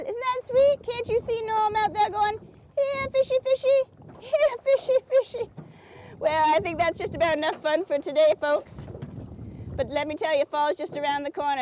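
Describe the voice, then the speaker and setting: Actress as a perky craft-show host, high, folksy and sugary; outdoors by a lake. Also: female voice, darkish tone, slight background noise, close to an everyday voice, poor audio. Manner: chirpy, folksy and sugary, keeps asking "isn't that sweet". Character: perky, oblivious small-town woman who hosts a craft show. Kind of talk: comedic public-access TV hosting.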